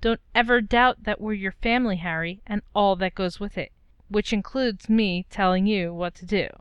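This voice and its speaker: A woman's voice: mid-range voice, normal speed, smooth, no room sound, muffled recording, natural voice. Woman doing Mrs Weasley, fussing mother. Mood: motherly. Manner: fussing, firm, affectionate. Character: warm bossy motherly witch, middle-aged.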